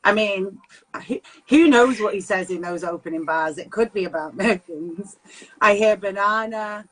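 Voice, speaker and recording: A woman's voice: fairly low pitch, normal speed, husky, rough recording. A woman chatting casually on a live video call, giggly and rambling, often correcting herself. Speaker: vocalist and broadcaster, interview guest. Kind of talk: casual live-stream chat.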